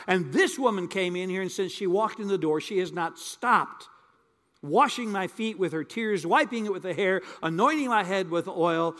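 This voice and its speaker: Older guy preaching, kinda high voice, folksy, says stuff twice, big echoey hall. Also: moderate pace, a bit bright. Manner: folksy, repeats words for emphasis. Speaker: pastor. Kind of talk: sermon with storytelling.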